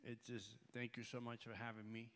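A man preaching as a guest in a church, animated, his voice climbing as he tells a story, repeating himself and restarting his sentences often. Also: medium pitch, a little fast. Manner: animated, voice rising when telling stories. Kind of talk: sermon. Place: church hall.

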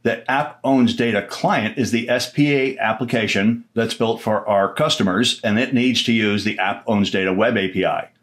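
A man's voice: fairly low pitch, normal speed, few pauses, fairly bright tone. A man giving a casual screen-recorded tutorial, chatty and informal, with filler words and the odd joke. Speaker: software trainer.

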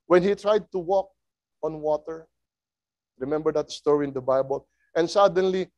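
A man preaching a sermon in a slow, emphatic way, asking his listeners rhetorical questions. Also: sits high, a little mellow, no room sound.

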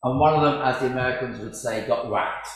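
Chatty preacher in a church. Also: male voice, medium pitch, brisk. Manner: chatty, self-deprecating storyteller. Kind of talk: sermon with humour. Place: large church. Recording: very echoey church.

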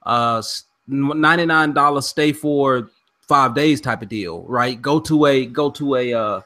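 A man's voice: mid-range voice, unhurried, pushed and bright. A middle-aged man hosting a podcast in casual chat, playful, steering the talk and reading out listener comments. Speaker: podcast host.

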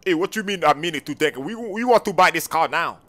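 Hyped up guy in a game rp, keeps saying bro, bright tense voice, a bit high. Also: lively intonation, fairly quick. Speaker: game roleplayer as car buyer. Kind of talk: comedic game roleplay.

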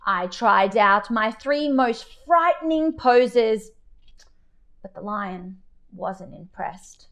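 A woman leading an online children's story time, reading aloud in a playful, animated way. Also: a little high, slow pace.

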